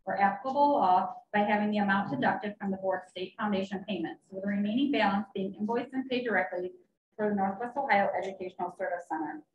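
A woman chairing a board meeting, reading a motion and calling for questions and votes in a brisk, businesslike way. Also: medium pitch. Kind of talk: formal meeting procedure. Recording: dull, echoey meeting room audio.

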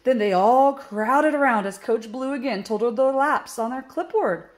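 A woman teacher reading a children's picture book aloud and explaining subtraction steps. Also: fairly high pitch. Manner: slow, clear, explaining steps. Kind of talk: children's book read-aloud with math lesson.

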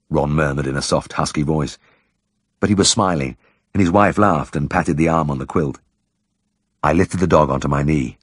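A man narrating an audiobook in a measured, gently wry storytelling manner. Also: very deep voice, husky, dry recording, studio quality. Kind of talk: scripted narration.

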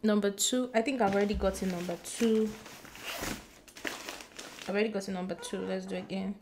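A woman chatting excitedly to her camera as a book vlogger, bubbly and giggly, gushing as she goes. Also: medium pitch, brisk, slight background noise. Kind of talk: excited casual vlog chat. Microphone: compact camera mic.

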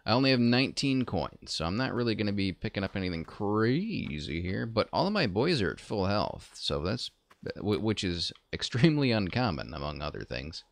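Low gravelly guy streaming a game, rambly chat, dry desk mic. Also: sing-song, normal speed, no room sound. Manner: chatty, self-correcting and rambling. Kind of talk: casual gameplay commentary.

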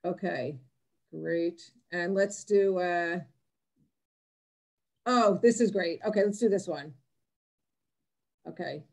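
A woman's voice: lowish voice, slow pace, long pauses, darkish tone. A woman presenting on a video call, talking in a loose, chatty way full of fillers and restarts. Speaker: presenter on Israeli music. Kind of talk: casual online talk.

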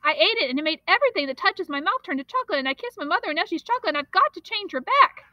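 A desperate young boy pleads in a high, bright, rushed voice, his words tumbling out in a panic, as a woman reading a storybook aloud puts him on. The sound is dry and close. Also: very animated, dry recording, highs cut off, full character voice. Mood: frantic. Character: frantic young boy, guilt-stricken and pleading.

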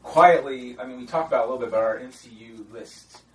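Male podcast host, chatty and animated, recorded off-mic in an echoey room. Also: medium pitch, fast, recorded from a distance. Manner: chatty, animated, laughs often. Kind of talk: casual chat.

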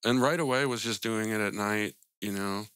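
A man's voice: fairly low pitch, normal speed, a bit bright, clean tone, no echo. A man telling stories in a casual interview, laid-back and full of profanity, laughing between anecdotes. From Albuquerque, New Mexico. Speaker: guest, graffiti artist.

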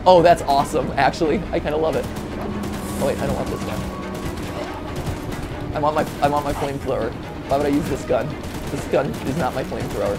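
A man hosting a casual let's-play, excitable and joking, shouting at the game as he plays. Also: on the high side, moderate pace, pauses often. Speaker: host. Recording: game music behind.

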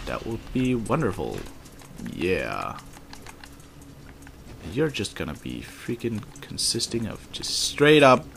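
A man commentating his own gameplay in a low, lively voice that swings up and down. He talks to the characters with mock politeness and mutters curses under his breath. Keyboard typing clatters loudly behind him at the desk. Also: vocal fry, a little hiss or hum. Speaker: gamer.

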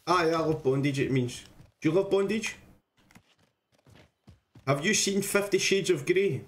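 A man's voice: a little high, measured pace. A young man, bantering and swearing while playing a game, speaking over a headset mic. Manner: sweary, teasing, jokey. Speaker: gamer. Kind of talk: casual gaming banter.

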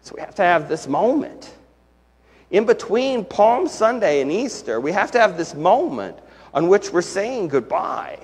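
A man's voice: sits high, sing-song, a little slow, husky. A man preaching a sermon as pastor, earnest and building to emphatic questions. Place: church sanctuary. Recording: long church hall reverb.

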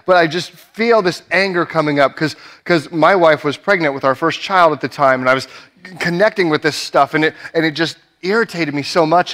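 A man's voice: a little high, a bit bright. Earnest man preaching a sermon. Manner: earnest storytelling with frequent "right?" asides and restarts. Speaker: pastor. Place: church sanctuary.

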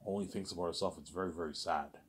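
A man's voice: sits low, quick pace. A man delivering a rambling, repetitive personal monologue, agitated and full of profanity. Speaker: vlogger.

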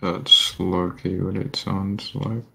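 Man, deep voice, slow flat delivery, casual gaming chat, hissy noisy mic. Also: creaky, husky. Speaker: gamer playing co-op horror game.

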